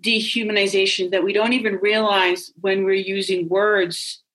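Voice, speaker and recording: A woman's voice: mid-range voice, little pitch movement, normal speed, a bit bright. A woman in a casual discussion, reflecting thoughtfully and raising open questions.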